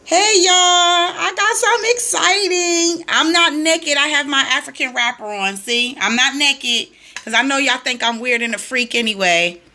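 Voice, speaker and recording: Bright, chatty woman live-streaming. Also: on the high side. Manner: chatty, greets viewers by name, drawn-out sing-song greetings. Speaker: livestream host and weight-loss coach. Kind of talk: casual live-stream chat.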